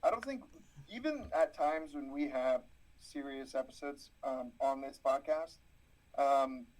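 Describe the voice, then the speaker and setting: Man, podcast co-host, mid-pitched, rambling delivery full of ums. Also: unhurried, darkish tone, low-quality recording. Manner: rambling, hesitant, lots of ums. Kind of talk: casual podcast banter.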